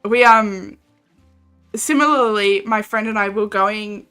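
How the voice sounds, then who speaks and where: A woman's voice: mid-range voice, takes it slowly, fairly bright tone, clear, resonant tone, faint music behind. A young Australian woman chatting casually and animatedly while streaming a game, reading chat and laughing often.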